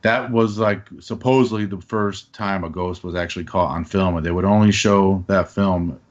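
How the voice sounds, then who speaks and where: A man's voice: low voice, steady tone, normal speed, highs cut off. A man hosting a podcast, chatting casually and filling in details. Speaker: podcast host. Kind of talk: casual conversation.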